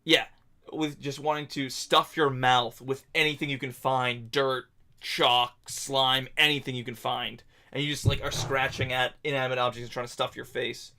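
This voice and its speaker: A man narrating a tabletop game as game master, telling the scene in a halting, descriptive way. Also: mid-range voice, little pitch movement, bright, forceful tone.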